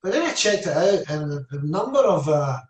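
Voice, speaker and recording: A man's voice: fairly high pitch, big pitch swings, fairly quick. A Scottish man in his seventies, a former footballer telling rambling stories in a casual interview, full of "I said" and "you know". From Scotland. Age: 70s. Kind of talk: casual storytelling. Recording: echoey room, mic at a distance.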